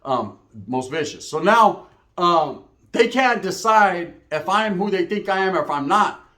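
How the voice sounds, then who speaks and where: A man's voice: sits high, lively intonation, unhurried, bright, forceful tone. A man from Merced, California, telling a story in casual slang-heavy, profane street talk.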